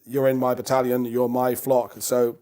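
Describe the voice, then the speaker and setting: A man's voice: mid-range voice, monotone, normal speed, warm tone, clear, resonant tone. A man hosting an interview, talking in a rambling way with many restarts. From Essex, England. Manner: rambling, restarts often, gestures at ideas. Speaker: host. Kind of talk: conversational interview.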